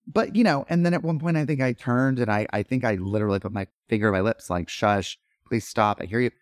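A middle-aged man, an actor and podcast guest, telling stories in animated, rambling chat full of fillers and restarts. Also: medium pitch, quick pace, no echo, clean studio sound. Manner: animated, lots of fillers and self-interruptions. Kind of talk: casual storytelling chat.

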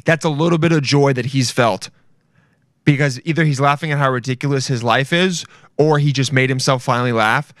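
Bright-voiced young man ranting casually. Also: mid-range voice, fairly quick, dry recording, clean studio sound. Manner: rambling, swearing, often laughing mid-sentence. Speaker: podcast host. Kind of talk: casual solo podcast rant.

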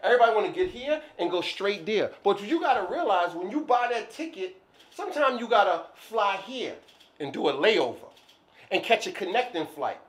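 Male podcast co-host, animated storyteller, high and very expressive. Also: moderate pace. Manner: animated storyteller, acts out scenes. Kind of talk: casual chat.

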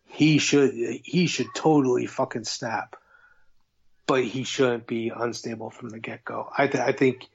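A man in casual podcast chat, swearing freely and getting worked up as he relives scenes from a film. His voice sits at a middle pitch, and the recording sounds dull and lo-fi. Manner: profane, excitable, acts out scenes. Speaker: podcast co-host. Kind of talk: casual movie review chat.

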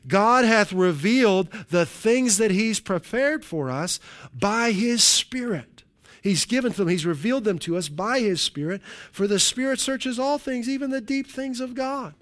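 Animated man preaching. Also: high voice, unhurried. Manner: animated preaching with frequent "hallelujah" and "right?"; jokey asides to the congregation. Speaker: pastor. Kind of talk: sermon.

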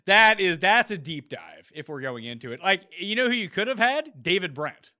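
A man's voice: sits high, sing-song, normal speed, pushed and bright. A man hosting a casual podcast debate, blunt and opinionated about TV shows. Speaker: podcast host.

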